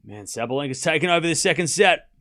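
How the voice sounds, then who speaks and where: A man from Australia, a streamer and tennis coach, chatting casually and reading chat aloud during a live tennis watchalong, with quick bursts of play-by-play. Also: on the high side, expressive, sharp tone.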